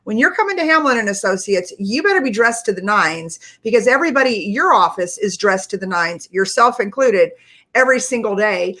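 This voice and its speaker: A woman's voice: medium pitch, expressive, fairly quick, bright, forceful tone. A woman hosting a live-streamed interview, talking in an enthusiastic, effusive way. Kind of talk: casual interview.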